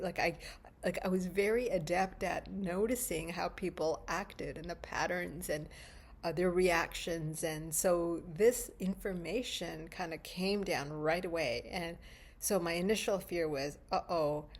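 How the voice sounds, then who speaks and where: A woman hosting a spiritual video, telling a personal memory in a thoughtful, conversational way with plenty of fillers. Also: fairly low pitch. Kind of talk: reflective personal storytelling to camera.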